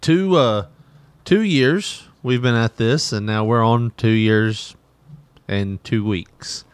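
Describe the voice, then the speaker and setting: A man's voice: medium pitch, takes it slowly, clear, resonant tone, dry recording. A man hosting a podcast in casual, joking chat, laughing often. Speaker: podcast host.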